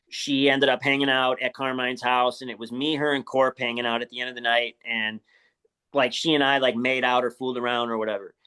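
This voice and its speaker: A man's voice: medium pitch, bright, forceful tone, smooth. Swearing, laughing storyteller man. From Chicago area, US. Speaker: wrestler guest. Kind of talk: casual storytelling interview.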